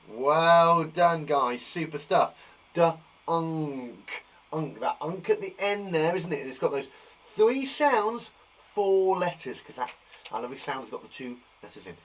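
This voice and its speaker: A man with a British accent teaching a phonics lesson to young children, sounding out words slowly and encouraging them. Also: a little high, expressive, fairly bright tone.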